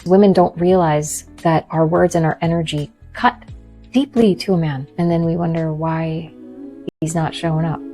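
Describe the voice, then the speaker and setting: A woman giving an earnest, grave monologue with measured, emphatic pauses. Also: low voice, steady tone, warm tone, faint music behind, rough recording.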